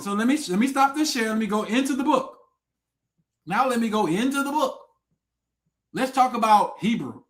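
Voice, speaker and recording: A high-voiced livestream host rants into a desk mic, animated and at normal speed, with long pauses. His confrontational delivery is loud, profane and taunting, swinging from shouts to mutters as he dares viewers to come on and debate him.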